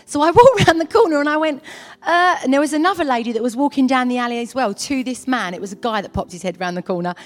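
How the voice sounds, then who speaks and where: A woman's voice: sits high, animated, a little fast. Earnest woman sharing testimony. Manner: earnest, chatty storytelling with many fillers. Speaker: church member giving testimony. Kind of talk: personal testimony. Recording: long hall reverb.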